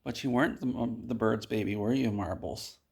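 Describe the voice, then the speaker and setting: A man telling an absurd tall tale to his viewers, deadpan and rambling with restarts. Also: lowish voice, fairly quick, gravelly, slightly rough. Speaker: video host.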